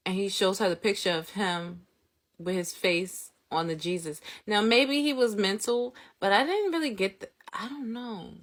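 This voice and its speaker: A young woman vlogger casually telling a story, animated, laughing often and acting out what people said. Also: medium pitch, moderate pace. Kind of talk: storytime vlog, casual retelling.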